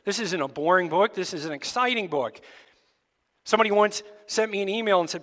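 A male pastor giving a sermon to his church, asking the congregation lively rhetorical questions. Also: sits high, fairly quick, long reverb tail. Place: church sanctuary.

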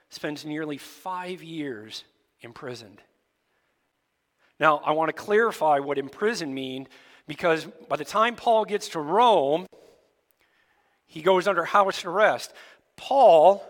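A male pastor giving a sermon to his church, asking the congregation lively rhetorical questions. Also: a little high, slow pace, long pauses, big-room sound. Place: church sanctuary.

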